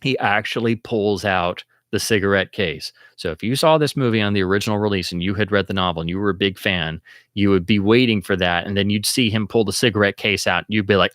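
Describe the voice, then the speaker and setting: A man with a low-pitched voice talks through film history on his livestream, casual and excitable. He jumps up high when he acts out an audience's alarm, and the sound is dry and close. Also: fairly quick, no echo. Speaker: livestream host.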